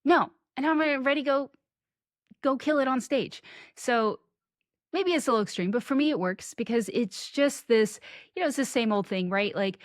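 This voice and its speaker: A woman guest on a video-call podcast from her home office, chatting in a lively, playful way. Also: a little high, moderate pace, no echo, clean studio sound. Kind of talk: casual interview chat. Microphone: webcam video call.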